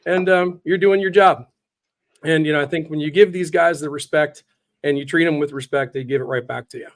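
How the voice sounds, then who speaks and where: A man's voice: a little high, steady tone, brisk. A man hosting a talk show, telling stories in a blunt, joking way. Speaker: show host. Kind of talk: casual chat.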